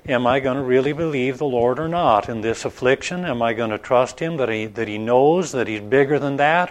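A man preaching an informal Bible study in a conversational, halting way, with many restarts and asides. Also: medium pitch. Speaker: pastor.

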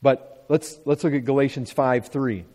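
A man's voice: mid-range voice, fairly even intonation, moderate pace, a little mellow. A man teaching from the Bible to an audience, emphatic, asking rhetorical questions and repeating his points. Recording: long hall reverb.

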